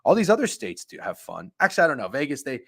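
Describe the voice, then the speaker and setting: A man's voice: mid-range voice, huge pitch swings, fast talker, gravelly, breathy edge, no room sound. Casual man hosting a betting stream, profane and rambling, dry close mic. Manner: loose, profane, chatty, reads chat aloud. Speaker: sports betting show host. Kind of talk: casual livestream chat with viewers.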